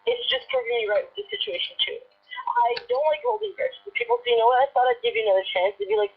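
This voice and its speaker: A woman's voice: on the high side, big pitch swings, quick pace, slightly rough. A young woman on a phone call, angrily scolding the person on the other end. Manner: upset, scolding, indignant. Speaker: caller. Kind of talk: heated phone argument. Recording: muffled phone-line audio.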